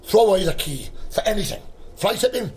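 A man's voice: high voice, big pitch swings, brisk. A man with a Welsh accent playing a chatty, tactless police officer in a radio comedy drama, breezy in manner. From Wales.

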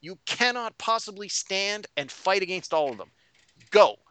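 A man's voice: high voice, big pitch swings, normal speed, bright, forceful tone, smooth, no echo, voice pushed up, heavily acted. A man voicing an insistent male ghost that warns of danger in a tabletop game recap. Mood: urgent. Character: urgent male ghost giving warnings.

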